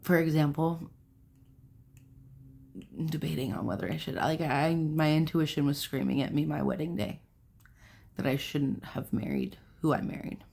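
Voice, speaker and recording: A woman's voice: low voice, moderate pace, gravelly, long pauses, darkish tone. A young adult woman hosting a self-help video, talking casually to camera in a rambling way, with fillers and self-corrections.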